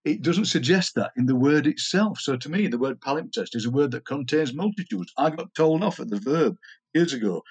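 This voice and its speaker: A husky-voiced man with a Yorkshire accent chats as a guest and tells anecdotes at a middling pitch. He lingers fondly over words and plays with them, switching into quick asides. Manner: animated storyteller, playful with words. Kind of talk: casual conversation.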